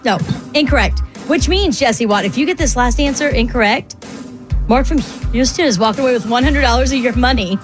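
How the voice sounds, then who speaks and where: A woman hosting a morning radio quiz show, brisk and playful, quick to laugh. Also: fairly high pitch, music in the background.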